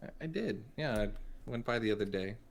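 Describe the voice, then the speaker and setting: A man's voice: mid-range voice, animated, a little fast, vocal fry, a little hiss or hum. A man playing a tabletop role-playing game, talking casually and hesitantly with many ums and likes. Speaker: player.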